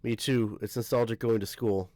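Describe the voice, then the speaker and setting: A man's voice: on the low side, fairly even intonation, normal speed, dark tone, no room sound. A man casually reading a comic aloud and reacting, often stumbling and correcting himself. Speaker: manga reaction youtuber.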